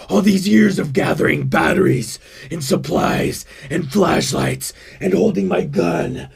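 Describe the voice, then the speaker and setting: A man voicing a paranoid off-the-grid survivalist who loves his gun, speaking low and intense. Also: vocal fry, a little mellow, husky, exaggerated voice.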